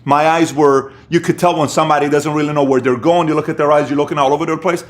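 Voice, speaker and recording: A man's voice: fairly high pitch, steady tone, fast talker. Man telling his story with emphatic swings. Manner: emphatic, shifts from hushed to punchy bursts. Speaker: motivational speaker. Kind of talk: personal storytelling talk.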